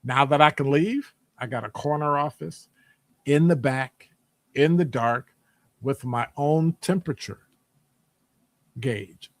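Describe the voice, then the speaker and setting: A man talking casually in a rambling monologue, animated and digressive, jumping into high voices when quoting people. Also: slow, pauses often, no room sound. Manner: conversational, digressive. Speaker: podcast host; academic department member.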